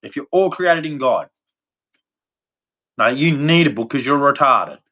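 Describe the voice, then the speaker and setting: A man's voice: medium pitch, lively intonation, unhurried, pushed and bright. An Australian man from Australia giving a blunt, rambling opinion rant to camera, swearing freely. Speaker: vlogger.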